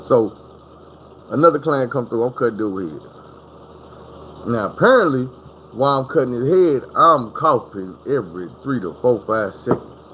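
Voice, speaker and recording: A man telling a comic story, casual and animated, full of profane slang, jumping up high to reenact other people. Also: normal speed, pauses often, a little hiss or hum, low-quality recording.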